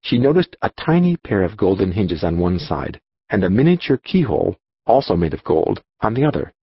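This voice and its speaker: Man, audiobook narration, lively storytelling, dry dull-sounding studio recording. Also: low voice, moderate pace, breathy edge, no room sound. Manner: expressive storytelling, voicing dialogue.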